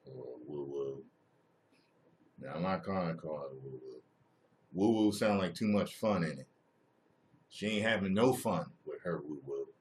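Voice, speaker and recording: Crude, joking man with a lively voice. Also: a bass voice, a little slow, pauses often, a little hiss or hum. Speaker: live-stream host. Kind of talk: casual live-stream chat.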